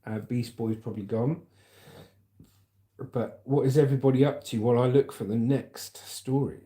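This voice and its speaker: A man's voice: mid-range voice, fairly even intonation, normal speed, mellow. A man hosting a casual livestream, chatting and reading out viewer comments in a rambling way. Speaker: livestream host. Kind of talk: casual live chat.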